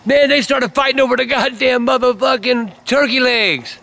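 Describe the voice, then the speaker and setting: Casting note: older man, a shouting foul-mouthed grandpa storyteller, high and sharp. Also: moderate pace, vocal fry. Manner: loud, cursing, ranting. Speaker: grandfather telling stories. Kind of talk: profane storytelling to camera.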